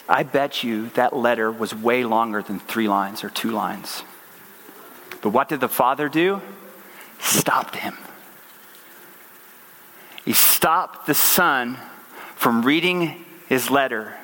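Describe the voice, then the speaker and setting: A man's voice: medium pitch, slow pace, long pauses, sharp tone, a little hiss or hum. A man in his thirties preaching a conversational sermon, earnest and full of restarts and rhetorical questions.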